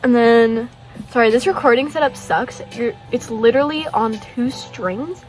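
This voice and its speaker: A woman's voice: fairly high pitch, moderate pace, faint music behind, low-quality recording. A teenage girl in casual chat, showing her sketchbook in her bedroom and gushing with lots of fillers and rambling asides. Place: bedroom at a desk. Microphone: phone hanging above the desk.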